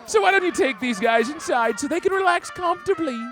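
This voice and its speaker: A man voicing a flamboyant, gossipy male neighbor in a game, with a campy, theatrical, drawn-out delivery. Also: very high voice, expressive, over music, crowd noise. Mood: chatty. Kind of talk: game character dialogue.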